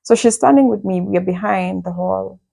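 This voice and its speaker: A young woman casually telling a lively personal story from her school days, laughing and acting out what people said. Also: medium pitch, moderate pace, creaky. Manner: lively, laughing, acts out quotes.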